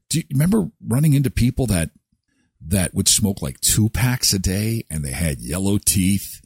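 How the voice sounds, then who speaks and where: A middle-aged man hosting a casual chat show, joking and animated. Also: fairly low pitch, normal speed, creaky, slightly rough, no echo, clean studio sound. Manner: joking, animated, slips into silly voices. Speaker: talk show host.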